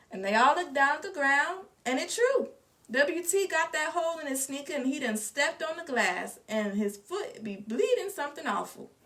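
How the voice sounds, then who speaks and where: A woman reading a storybook aloud with expressive, lively narration. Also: sits high. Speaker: reader. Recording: distant mic.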